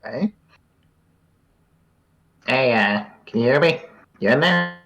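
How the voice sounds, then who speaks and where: A man's voice: mid-range voice, lively intonation, slow pace, fairly bright tone. A man playing a tabletop game, talking in a laid-back, offhand way. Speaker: player. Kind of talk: casual tabletop game play.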